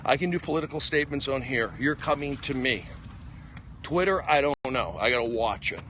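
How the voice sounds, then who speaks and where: Speaking at medium pitch and a fairly quick pace, the comedian keeps up his phone livestream outdoors amid slight background noise. He's emphatic and excitable, jumping between subjects as he walks and rambles.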